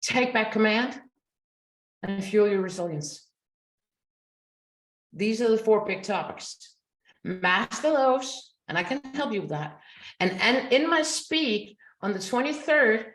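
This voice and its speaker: A woman in her forties, a coach giving a motivational talk, telling her story earnestly and acting out what people said. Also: medium pitch. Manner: earnest, storytelling, animated quotes. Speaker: coach and speaker. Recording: roomy echo.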